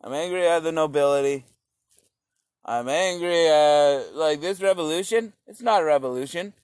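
A man's voice: on the high side, moderate pace, a little mellow, clean tone, no room sound. A man talking in a rambling, profane philosophical monologue, repeating his phrases as he goes.

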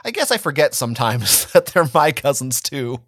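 A man's voice: mid-range voice, very animated, moderate pace, a bit bright, breathy edge, dry recording, clean studio sound. A man voicing a serious, easily flustered teenage boy who leads his friends, in a dramatic fan-fiction reading. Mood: defensive. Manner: defensive, earnest.

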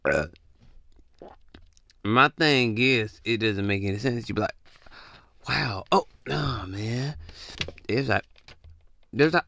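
A man's voice: lowish voice, unhurried, pauses often, bright, forceful tone, no echo. A man hosting a casual comedic podcast rant, talking close to the mic and acting out confused texters in jumpy voices. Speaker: podcast host.

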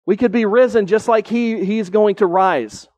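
Preaching with sincere conviction, this high-voiced man lifts his pitch to drive his points home and slows way down to stress them. His sermon sounds a little mellow, recorded close and dry with no echo or room around it.

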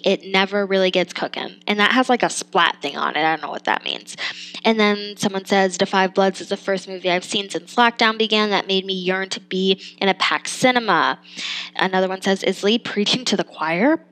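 A young adult woman talks through a film review in a loose, chatty way. She thinks out loud, trails off into fillers and laughs at herself, at a middle pitch for a woman. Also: clean tone, rough recording. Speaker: podcast host reviewing a film. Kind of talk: casual spoken film review.

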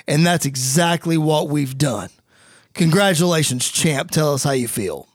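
A man's voice: a little high, expressive, measured pace, no room sound, studio quality, voice pushed down. A man voicing a brash male wrestling faction leader who gloats and bosses others around. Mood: gloating. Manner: gloating, bossy.

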